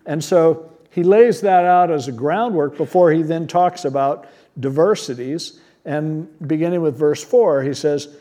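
A man's voice: fairly high pitch, mellow. A man preaching a sermon as pastor, teaching verse by verse in a conversational, plain-spoken way and asking rhetorical questions.

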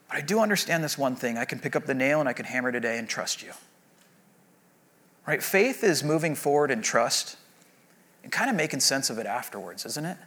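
A man's voice: on the high side, fairly bright tone. Man preaching a conversational sermon. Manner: conversational, acts out prayers and God's replies. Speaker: guest preacher. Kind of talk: sermon with closing prayer. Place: church sanctuary.

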